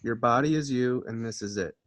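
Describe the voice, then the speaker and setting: A man's voice: medium pitch, fairly quick, fairly bright tone, slight background noise. A man in casual conversation who explains his spiritual views in an earnest, preachy way. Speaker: channel host.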